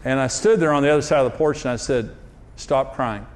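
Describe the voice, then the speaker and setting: A man's voice: mid-range voice, rapid-fire, a little hiss or hum. A man preaching in a humorous, self-deprecating storytelling way, using jokes and anecdotes. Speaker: pastor.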